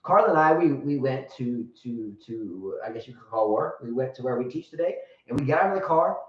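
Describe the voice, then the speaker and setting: A man's voice: medium pitch, lively intonation, a little fast. A man hosting a casual live show, rambling, joking and blunt, with crude humor. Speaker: show host and tennis coach. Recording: roomy, distant, dull sound.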